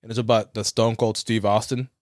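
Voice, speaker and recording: A man's voice: fairly low pitch, flat delivery, fairly quick, dry recording, clean studio sound. A man co-hosting a podcast, telling a long story in casual chat, swearing freely and acting out quotes. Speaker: podcast co-host.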